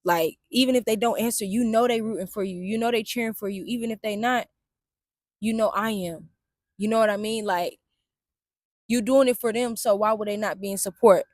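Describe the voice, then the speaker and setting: A young woman speaks outdoors in a candid, reflective way, slangy and profane, often turning to her viewers directly. Her voice sits at a medium pitch. The sound is close and dry, with no room echo. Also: brisk. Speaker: vlogger and Navy veteran. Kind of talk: casual reflective storytelling. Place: outdoors in the sun and wind.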